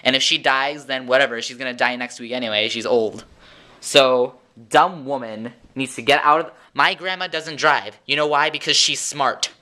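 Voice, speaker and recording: A man's voice: medium pitch, moderate pace, sharp tone. A teenage boy ranting in a sarcastic, exasperated vlog monologue at home. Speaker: vlogger.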